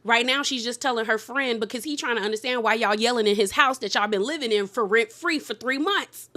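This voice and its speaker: A woman casually recapping a reality TV episode, sassy and animated, laughing often and acting out quotes. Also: on the high side, brisk. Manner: sassy, conversational, heavy use of "like".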